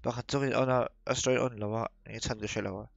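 A young man from Northeast India streaming a mobile shooter, chatting with teammates and switching languages, now and then bursting into excited shouting. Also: medium pitch, quick pace, gravelly. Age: young adult. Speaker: game streamer. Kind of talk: live gameplay chat with teammates. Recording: noisy stream audio.

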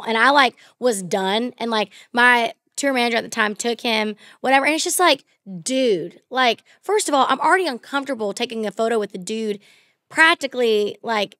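A young woman and country singer telling stories in casual podcast chat, animated, swearing freely, and acting out what people said. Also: fairly high pitch, fairly quick, dry recording, clean studio sound. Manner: animated, swearing, acts out quotes in bursts. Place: podcast studio.

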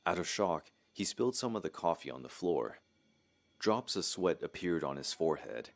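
Very deep-voiced horror story narrator. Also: male voice, very animated, moderate pace.

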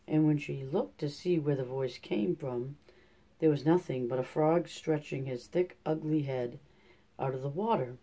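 Dark-voiced man reading a fairy tale. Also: fairly high pitch, a little slow. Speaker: storyteller. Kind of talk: fairy tale read aloud.

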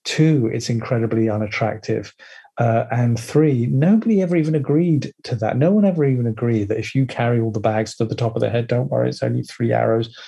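A man's voice: medium pitch, fairly quick, gravelly, husky. Man giving a playful workshop talk. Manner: playful, animated, acts out inner voices, swears casually. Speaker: workshop teacher.

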